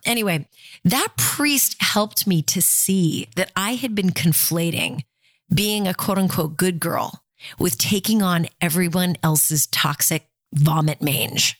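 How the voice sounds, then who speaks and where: A woman's voice: lowish voice, normal speed, no echo, clean studio sound. A woman in her fifties giving candid, conversational personal advice and talking straight to her listeners.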